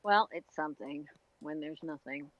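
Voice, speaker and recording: A woman guesting on a casual gaming podcast, talking in an animated way with laughter. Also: low voice, normal speed, no room sound. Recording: dull lo-fi sound.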